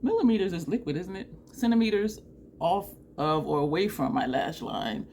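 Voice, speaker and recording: Woman, beauty vlogger, casual makeup chat, low-pitched, faint room hum. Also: normal speed. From New Jersey. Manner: chatty and animated, laughs often.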